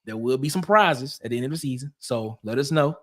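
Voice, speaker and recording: A man's voice: mid-range voice, lively intonation, brisk, fairly bright tone. A man, guesting on a casual sports podcast, laid-back and full of fillers and "y'all".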